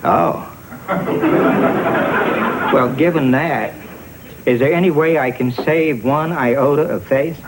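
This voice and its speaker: An exasperated TV director. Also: male voice, fairly high pitch, takes it slowly, long pauses. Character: exasperated male TV director, self-mocking. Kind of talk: sitcom acting with laugh track. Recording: hissy TV audio, studio audience laughter.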